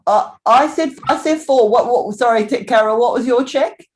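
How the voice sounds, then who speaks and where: A woman's voice: on the high side, normal speed, a little mellow. A middle-aged woman with an Australian accent, teaching a live online movement class over a video call, chatting and greeting people by name with frequent laughter.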